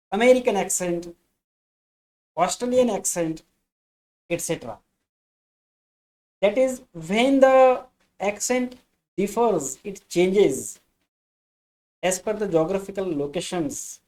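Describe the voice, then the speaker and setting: Slow, mellow Indian-English woman teaching. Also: medium pitch, rough recording. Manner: slow, deliberate, repeats each point in new words. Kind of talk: explanatory lesson.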